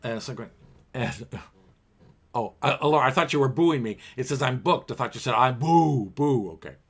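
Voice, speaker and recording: Mid-range and breathy-edged, this man's voice moves at a moderate pace as he hosts a home livestream piano bar from his apartment. Between show tunes, he reads viewers' comments aloud and chats playfully.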